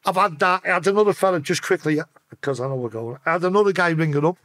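A man with a Liverpool accent telling a story as a guest on a podcast. His voice sits fairly high for a man, and it is recorded close and dry. He swears a lot and jumps into the voices of the people he is quoting, his pitch swinging up and down. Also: quick pace, dry recording. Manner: profane, acts out quoted voices with sharp pitch swings. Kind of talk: casual storytelling interview.

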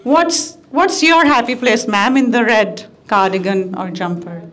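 A woman comedian performing stand-up to a live crowd, her voice high and her pace slow and unhurried. She lands crude punchlines in a deadpan way. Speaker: guest comedian. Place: stage before a live audience.

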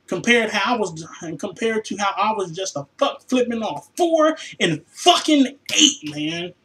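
A man in his room ranting as a sports fan, profane and exasperated, sighing heavily and swinging between low mutters and sudden shouts. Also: expressive, measured pace, poor audio. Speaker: vlogger reacting to a football loss. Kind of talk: angry fan rant.

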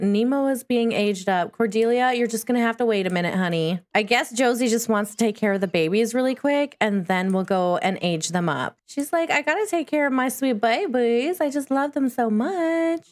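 A woman giving chatty, playful commentary while playing a life-simulation game, talking back to the characters on screen. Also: mid-range voice. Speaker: gaming video host. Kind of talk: casual gameplay commentary.

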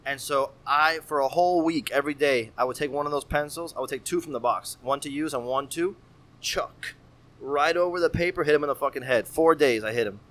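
Animated storytelling man in his thirties. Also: on the high side, a little fast. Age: 30s. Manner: animated, profane, slangy with frequent "bro". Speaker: guest artist. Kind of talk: casual podcast storytelling.

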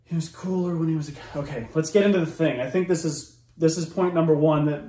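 Brief: male reactor, fairly high voice, profane ranting commentary, roomy echo. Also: fast talker, mellow. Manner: profane, heated, lots of likes and restarts.

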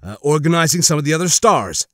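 A man's voice: a little high, sing-song, fast, fairly bright tone, dry recording, clean studio sound. A man voicing an easygoing young male soldier who talks casually with small hesitations, in an audiobook.

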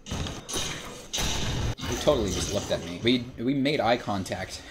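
A man's voice: fairly low pitch, slow, pauses often, very noisy. Exasperated young man streaming a game. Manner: exasperated, shouts and laughs in bursts. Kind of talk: frustrated gameplay commentary.

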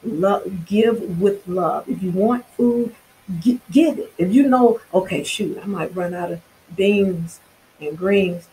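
A woman's voice: mid-range voice, dark tone, low-quality recording. A woman vlogger delivering an impassioned spiritual monologue to her viewers, fervent and preachy, with casual slang and frequent restarts.

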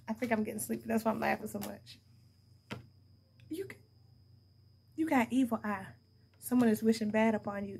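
A woman's voice: fairly high pitch, moderate pace, vocal fry, long pauses, background noise. A young adult woman giving a casual tarot reading to her viewers, blunt and profane, laughing often as she talks. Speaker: tarot card reader.

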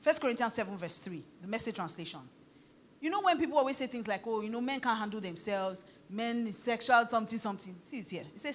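A woman's voice: fairly high pitch, animated, fast talker, a little hiss or hum. A middle-aged woman with a Nigerian accent, preaching a sermon as a pastor, telling stories, dropping pidgin phrases and laughing often.

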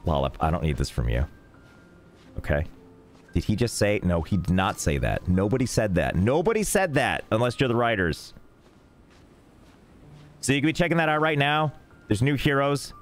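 Joking low-voiced male streamer. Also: normal speed, long pauses. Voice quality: jokey, rambling, deadpan asides. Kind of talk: casual gameplay streaming. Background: faint game music.

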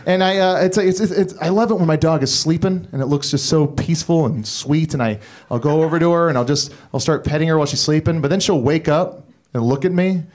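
A man's voice: fairly high pitch, a little fast, a little mellow. A man doing a stand-up set, rambling and self-deprecating, with profane asides and stammering restarts. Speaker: stand-up comedian. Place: comedy club stage. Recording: live club recording with audience laughter. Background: audience laughing.

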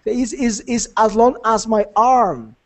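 A man's voice: high voice, slow. A man teaching an English conversation class, encouraging and repetitive, laughing often.

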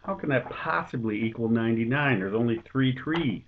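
A man's voice: mid-range voice, normal speed, background noise, natural voice. A man voicing a puzzled male store manager, polite and baffled. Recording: tinny phone-like sound.

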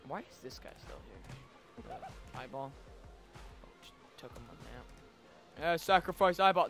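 A young man with a high, bright voice commentates on his game in a casual, excitable way. His pitch swings widely as he reacts, with faint music playing under him. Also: a little slow, long pauses. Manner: excitable, yelps and shouts at sudden moments. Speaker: gaming video host.

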